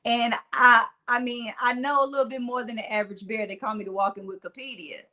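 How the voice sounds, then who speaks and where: A woman in her forties with a Southern country twang, a motivational speaker telling stories in a casual interview, animated and laughing often. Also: fairly high pitch, fairly quick.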